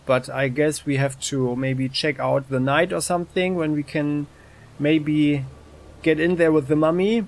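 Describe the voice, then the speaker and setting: A man hosting a let's play, giving relaxed game commentary and reading game text aloud. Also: fairly high pitch. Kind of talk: casual gameplay commentary.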